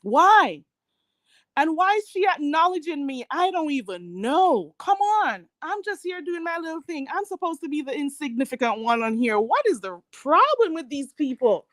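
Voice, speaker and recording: A woman's voice: sits high, big pitch swings, moderate pace, a bit bright, no room sound. A woman hosting a commentary channel, ranting in a heated, mocking and profane way. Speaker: YouTube commentary host.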